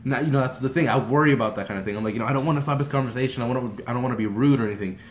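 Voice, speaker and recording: A young man from Texas excitedly retelling a personal story as a vlogger, rambling and animated with lots of "like" and restarts. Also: mid-range voice, rapid-fire, a little hiss or hum. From Texas, USA. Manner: rambling and animated, heavy use of "like", frequent restarts. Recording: roomy echoey room.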